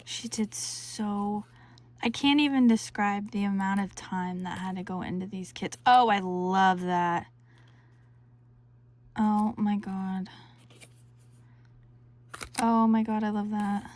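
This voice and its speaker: A woman's voice: mid-range voice, steady tone, takes it slowly, pauses often, a little mellow. A woman hosting a crafting vlog, gushing over a new kit and sometimes dropping to a whisper. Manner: gushing, breathless, drops into whispers. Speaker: crafting channel host. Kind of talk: excited unboxing vlog.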